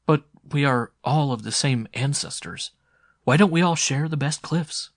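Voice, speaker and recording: A man's voice: a little high, unhurried, no room sound, studio quality, voice pushed up. A male narrator voicing an earnest, bewildered young man full of questions.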